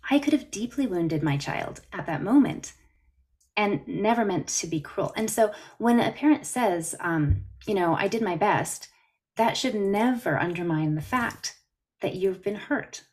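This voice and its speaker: A woman's voice: medium pitch, a little mellow. A woman from Canada, a therapist, talking earnestly on a podcast interview over a video call. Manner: earnest, explanatory, story-telling. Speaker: therapist guest.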